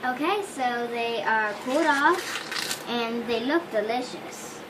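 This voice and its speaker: A young woman with a high voice chats cheerfully in a home kitchen as she bakes cookies. Her remarks are short and easy, and a clear room hum sits steadily behind her. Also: takes it slowly. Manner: cheerful, short chatty replies. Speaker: daughter co-hosting a cooking video. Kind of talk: casual home cooking vlog.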